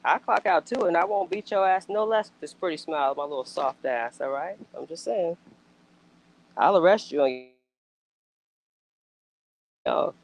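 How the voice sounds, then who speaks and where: A woman's voice: on the low side, normal speed, gravelly, long pauses, poor audio. Blunt, profane woman in casual chat. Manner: blunt, emphatic, frequently profane; animated outbursts and rhetorical questions.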